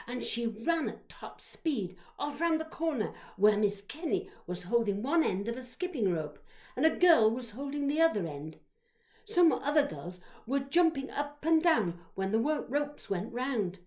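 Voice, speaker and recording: A woman storyteller reading a childhood memoir aloud, expressive, shifting between hushed whispers and loud exclamations. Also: a little high, unhurried.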